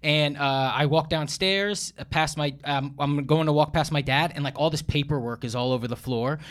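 A man's voice: fairly high pitch, normal speed. A man in his thirties, a comedian guest telling rambling stories in a casual podcast chat. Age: 30s. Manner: animated storyteller, rambling with restarts.

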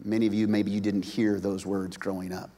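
A man's voice: lowish voice, little pitch movement, brisk. Man preaching in a reverberant hall. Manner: dynamic delivery, swinging from hushed whispers to loud emphatic bursts; repeats words and restarts phrases. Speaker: pastor. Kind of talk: sermon. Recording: long reverb of a large hall.

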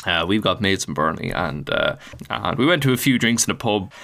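A man's voice: low voice, animated, fairly quick, gravelly, sharp tone. Irish guy hosting a podcast, chatty and jokey, voice swings up and down a lot. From Ireland. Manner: chatty and jokey, laughs often. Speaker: podcast host. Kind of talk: casual podcast chat.

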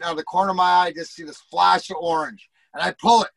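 A middle-aged former hockey player rambles through profane locker-room anecdotes and acts out what his teammates said. His voice sits a little high. The sound is dry and close to the mic. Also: steady tone, fast, fairly bright tone, dry recording, rough recording. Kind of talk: casual storytelling.

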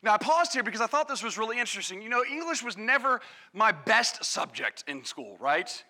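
A man preaching a sermon to a congregation, energetic and calling on the crowd, acting out quoted voices. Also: sits high, fairly quick. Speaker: pastor. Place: church service.

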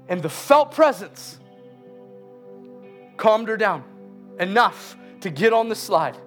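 Telling a sermon story about his daughter, a man with an unusually high voice is animated and laughs as he goes. He slows to a crawl on the key lines while faint music plays beneath.

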